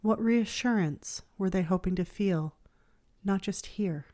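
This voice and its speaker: A woman therapist hosting a podcast, reading her reflective script in a gentle, measured, soothing way. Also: medium pitch. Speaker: child therapist and podcast host.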